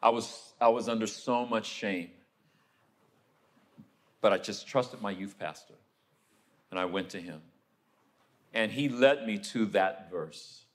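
A man preaching a sermon, telling a story and acting out the people in it, then turning quiet and low for a personal confession. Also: slow, long pauses. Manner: storytelling, acts out the people he quotes.

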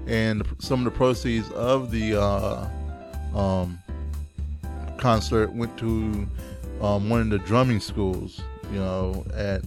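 A man's voice: on the low side, fairly even intonation, takes it slowly, over music. A man co-hosting a casual family podcast, rambling with many fillers and restarts. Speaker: podcast co-host. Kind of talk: casual chat.

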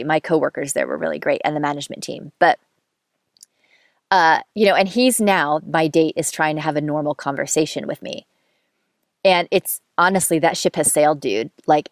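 A woman's voice: low-pitched, no echo, studio quality. A woman in her thirties telling a long personal story in a candid, chatty way, swearing freely and poking fun at herself. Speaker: podcast host telling a dating story. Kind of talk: casual storytelling monologue.

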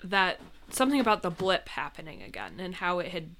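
A woman co-hosting a casual chat, agreeable and lively, with frequent backchannels. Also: fairly low pitch, fairly quick. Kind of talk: casual chat reviewing a TV episode.

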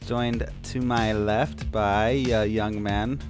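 A man's voice: lowish voice, flat delivery, takes it slowly, music in the background. Joking male podcast co-host. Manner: joking, laughs often. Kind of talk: casual chat.

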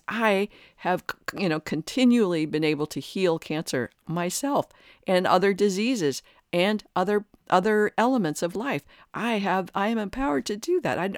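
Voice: medium pitch, clean tone, no room sound, studio quality. A podcast host giving an earnest, searching spiritual monologue, often restarting sentences.

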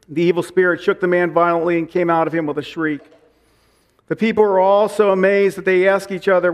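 A man with a high voice preaches to his congregation as pastor. He reads scripture aloud and slows down to repeat key lines for emphasis. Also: fairly even intonation. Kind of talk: sermon.

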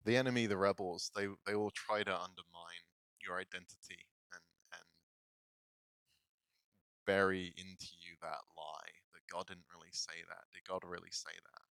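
A man's voice: low-pitched, fairly even intonation, moderate pace, creaky, a bit bright, clean tone, no room sound, rough recording. Casual laughing man preaching a sermon. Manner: casual, self-deprecating, laughs often. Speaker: pastor. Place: church.

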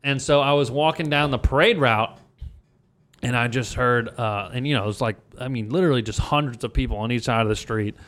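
A man's voice: medium pitch, a little fast, a bit bright. A young man from Louisiana, a guest comedian, telling a rambling story in casual podcast chat, full of swearing and fillers.

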